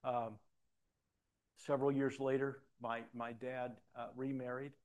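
A man's voice: mid-range voice, little pitch movement, a little slow, a little mellow. An older man, a pastor, preaching a sermon in a conversational storytelling way with frequent restarts.

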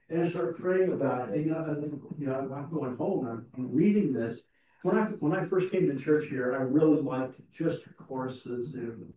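A man's voice: mid-range voice, mellow. A man preaching a conversational, self-deprecating sermon in a church, often restarting his sentences. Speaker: pastor. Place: church sanctuary. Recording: roomy, distant, dull sound.

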